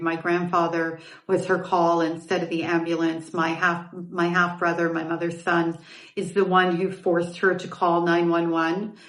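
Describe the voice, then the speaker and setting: A woman's voice: lowish voice, reverberant, recorded from a distance. A middle-aged woman hosting a podcast, telling a personal story in a candid, reflective way with asides and self-corrections. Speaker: podcast host.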